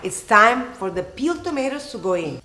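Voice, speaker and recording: A woman from Italy with an Italian accent, hosting a casual cooking tutorial and answering questions in an expressive, emphatic way. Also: on the high side, moderate pace, noisy background. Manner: expressive and emphatic, lingers on words. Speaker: cooking show host.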